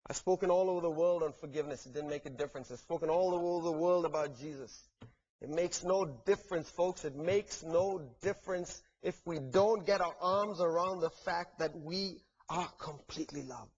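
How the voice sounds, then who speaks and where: Earnest preacher guy, kinda high voice, gets fervent then soft, muffled lo-fi sermon tape. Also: moderate pace, breathy edge.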